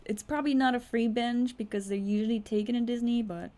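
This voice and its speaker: A young woman streaming herself playing a text adventure, reading the story text aloud quickly and breaking in with blunt, incredulous asides and the odd swear. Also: fairly high pitch, fairly even intonation, warm tone, a little hiss or hum. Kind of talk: casual live-stream commentary, reading game text aloud.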